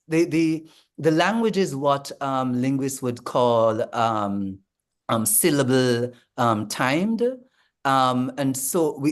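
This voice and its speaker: A man, a language coach explaining in a panel discussion, measured and full of ums and restarts. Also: mid-range voice.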